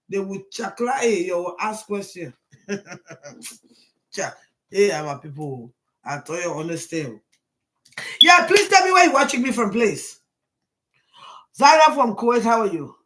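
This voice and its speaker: A woman, hosting a casual live stream and greeting viewers one by one in a rambling way, with sudden loud bursts. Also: fairly high pitch.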